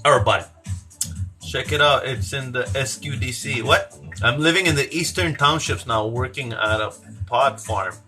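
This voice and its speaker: A man's voice: mid-range voice, moderate pace, sharp tone, soft background music. A man chatting casually on a live stream from his home kitchen, joking and rambling with frequent laughs.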